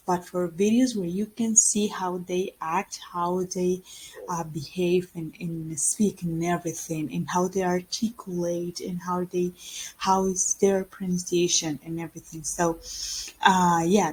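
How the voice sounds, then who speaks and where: A woman with a Spanish accent, a native Spanish speaker, teaching English in a casual video lesson, slow and hesitant with many fillers and restarts. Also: medium pitch, a little mellow, slightly rough, rough recording.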